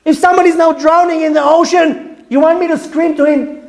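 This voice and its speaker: A man preaching as a rabbi, fiery and rebuking, repeating words for emphasis and swinging between shouts and hushed tones. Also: very high-pitched, fairly quick. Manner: repeats words for emphasis, asks rhetorical questions. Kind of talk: impassioned sermon.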